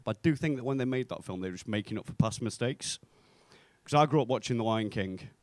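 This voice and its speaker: A young man from North West England does a stand-up set in a club, delivering deadpan punchlines and acting out the voices of people in his stories. His mid-range voice moves fast, and there's no echo.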